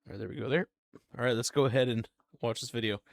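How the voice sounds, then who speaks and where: A man's voice: mid-range voice, steady tone, fast, vocal fry, dry recording, clean studio sound. A man chatting casually while reacting to videos on his stream, rambling through stories with giggling asides.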